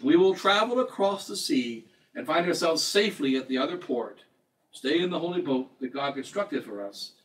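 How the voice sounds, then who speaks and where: A man's voice: a little high, lively intonation, normal speed, far from the mic, low-quality recording. A man preaching a sermon as a bishop, emphatic and repetitive, quoting scripture along the way. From United States.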